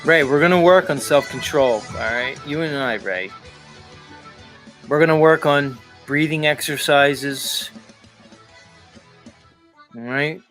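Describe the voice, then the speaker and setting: Male streamer host, casual rambling chat, slightly high voice, loud music behind. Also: takes it slowly, pauses often. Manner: rambling, chuckling, profane. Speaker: live show host. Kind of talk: casual live-stream monologue.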